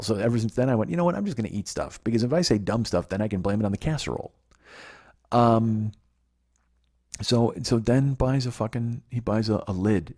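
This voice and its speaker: A man's voice: lowish voice, vocal fry, a little mellow, husky. A man in his forties hosting a podcast, telling a rambling, profane comic story that keeps losing track. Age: 40s. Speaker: podcast host.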